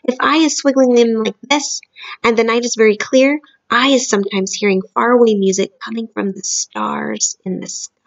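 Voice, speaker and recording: A big friendly male giant who talks in jumbled grammar and invented words, earnest and full of wonder, as a woman reads him aloud. The voice has a gravelly edge. The recording sounds dull and lo-fi. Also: on the high side, fairly even intonation, moderate pace.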